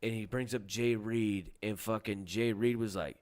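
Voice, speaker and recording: A man's voice: fairly low pitch, moderate pace. A man co-hosting a casual chat show, telling stories with lots of swearing and acting out the people in them. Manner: animated storyteller, swears a lot, acts out quotes loudly. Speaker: podcast co-host, comedian.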